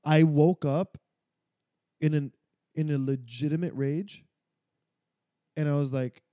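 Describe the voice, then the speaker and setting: Animated, swearing male podcast co-host. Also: on the high side, takes it slowly, long pauses, no echo. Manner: animated storytelling, swears freely. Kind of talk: casual chat.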